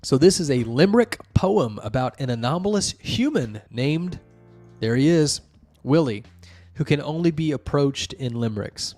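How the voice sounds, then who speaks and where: A man's voice: a little high, animated, moderate pace, darkish tone, soft background music. A man hosting a show, reviewing wiki articles in casual, rambling commentary full of fillers and restarts. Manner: rambling, many fillers and restarts, explains at length.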